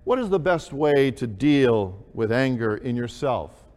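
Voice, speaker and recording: A man preaching a sermon, slow and deliberate, with emphatic rises on key words. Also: mid-range voice, very animated, darkish tone, big-room sound. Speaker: pastor.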